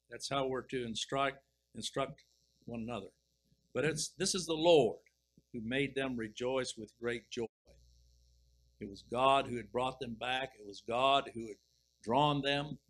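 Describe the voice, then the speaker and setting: A middle-aged man preaching, reading scripture slowly and deliberately, then commenting with emphatic swells. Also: medium pitch, a bit bright, rough recording. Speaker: pastor. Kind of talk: expository sermon reading and explaining scripture.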